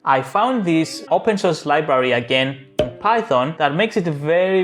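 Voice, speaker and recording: A man who speaks English as a second language, hosting a casual tutorial vlog in a joking, playful, self-mocking way. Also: fairly high pitch. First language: not English. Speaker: tech YouTuber.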